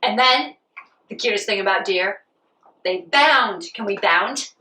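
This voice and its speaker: A woman leading a playful children's yoga lesson, animated and sing-song as she talks to a child. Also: medium pitch, a little slow, reverberant, distant mic, a little hiss or hum, poor audio. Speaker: kids' yoga teacher. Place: outdoors on a farm.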